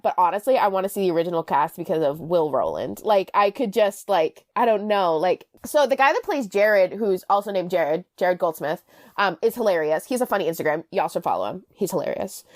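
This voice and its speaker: Animated young woman podcaster, dry sound. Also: mid-range voice, dry recording. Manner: animated, quick asides, self-correcting. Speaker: podcast co-host. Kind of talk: casual chat.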